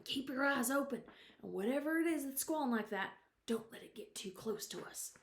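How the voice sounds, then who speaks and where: An excited young country boy, read by a woman, talks to his dog in an urgent hush. The voice climbs high and bounces up and down in pitch. It sounds a little echoey, as if recorded in an open room. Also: a little fast, background noise. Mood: hushed excitement. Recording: roomy echo.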